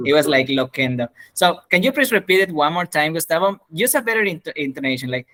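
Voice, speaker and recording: Encouraging male English teacher on a video call, bright and forceful tone, slightly high voice. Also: moderate pace. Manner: encouraging, animated, laughs often. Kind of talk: online speaking class.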